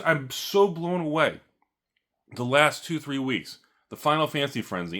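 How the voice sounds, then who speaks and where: A man's voice: fairly high pitch, sharp tone. A man hosting a card-collecting vlog, ranting sarcastically with jokes and asides. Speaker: card store owner and channel host.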